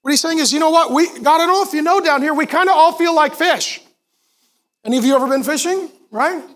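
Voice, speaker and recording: A pastor preaching a sermon to a congregation in a church, animated and emphatic, with quick asides to the crowd. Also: male voice, extremely high pitch. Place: church auditorium before a congregation.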